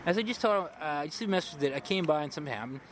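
A man's voice: on the high side, lively intonation, racing. A homeless man rambling agitatedly through his story in a street interview, repeating himself. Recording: noisy outdoor street recording.

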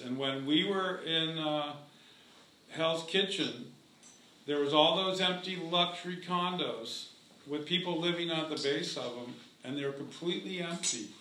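A man with a bright, somewhat high voice explains things at a community meeting in a steady way. The echoey room carries a faint hum. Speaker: housing activist.

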